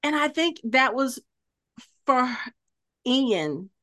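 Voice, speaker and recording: Podcast co-host, woman, higher-pitched voice, dry close sound, animated scene-by-scene retelling. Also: extremely slow, no echo. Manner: animated retelling, acts out quoted dialogue. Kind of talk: casual TV recap chat.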